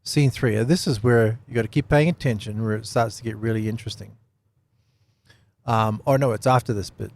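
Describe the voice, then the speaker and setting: A man's voice: on the low side, fairly quick, darkish tone. A man teaching scripture in a casual, chatty way, often laughing and checking in with "right?". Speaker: Bible teacher.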